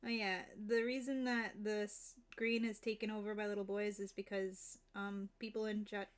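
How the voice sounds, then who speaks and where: A woman's voice: mid-range voice, level tone, normal speed. A woman streamer chatting casually while she draws, giggling often between remarks. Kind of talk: casual chat while drawing.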